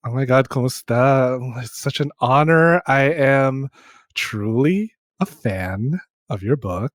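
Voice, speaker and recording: A man's voice: mid-range voice, animated, slow, dry recording. A man hosting a podcast in casual chat, campy and joking, often laughing, on a close mic. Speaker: podcast host.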